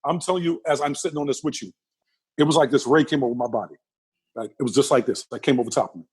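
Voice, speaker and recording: Fast-talking husky man telling vivid stories. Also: medium pitch. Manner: vivid, repeats phrases, acts out the people in his story. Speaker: interview guest. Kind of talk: animated storytelling in a casual interview.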